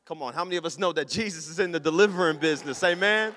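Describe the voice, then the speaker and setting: A man preaching a storytelling sermon, acting out his own thoughts and his wife's replies in a lively, casual way. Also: on the high side, racing, big-room sound, slight background noise. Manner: animated, acts out his own inner voice and his wife's.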